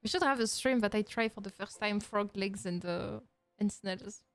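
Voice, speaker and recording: A woman's voice: medium pitch, moderate pace, faint music behind. A young French woman streaming with a French accent. She chats casually in a playful, mock-indignant way, laughs often and speaks English as a second language. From France. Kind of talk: casual react-stream chat.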